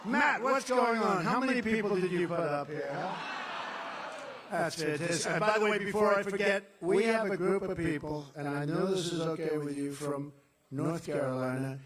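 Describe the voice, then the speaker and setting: A man's voice: fairly high pitch, moderate pace. An older man giving a rambling rally speech, boastful and repetitive, with off-the-cuff asides. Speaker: political speaker at a rally. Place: large venue, victory rally. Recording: roomy sound, distant mic, loud crowd. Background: cheering crowd.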